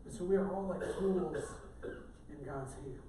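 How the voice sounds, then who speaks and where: A man's voice: on the high side, moderate pace, dark tone, slight background noise. A middle-aged male pastor giving a sermon in a conversational, joking way. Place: church sanctuary. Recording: echoey church room, distant mic.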